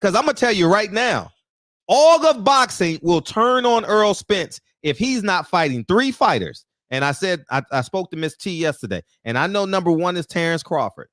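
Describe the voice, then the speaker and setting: Fired-up man ranting with lively pitch. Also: moderate pace, no echo, studio quality. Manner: ranting, fired up, rhetorical questions. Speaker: boxing commentary host. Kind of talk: heated opinion commentary.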